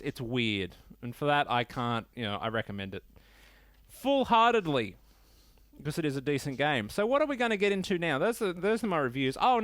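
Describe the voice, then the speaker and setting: A man's voice: mid-range voice, a bit bright, no room sound. Male podcast host, casual and profane, rambling rants, dry and close. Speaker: podcast host reviewing games. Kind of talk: casual solo podcast talk.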